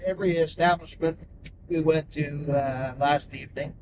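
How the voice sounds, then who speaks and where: A man's voice: a little high, steady tone, moderate pace, distant mic, background noise. A man from Canada chatting in a playful way with mock-grand wording. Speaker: passenger. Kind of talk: casual chat.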